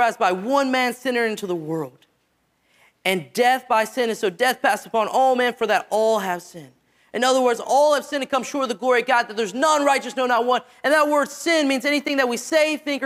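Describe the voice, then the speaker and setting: A man with a squeaky, slightly bright voice preaches an evangelistic sermon. He stretches out key phrases and lets them fall low at the ends.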